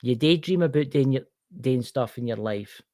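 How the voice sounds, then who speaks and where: A man's voice: mid-range voice, moderate pace, warm tone, no room sound. A man with a Scottish accent giving a casual tarot card reading on a livestream, chatting to a viewer by name as he turns each card.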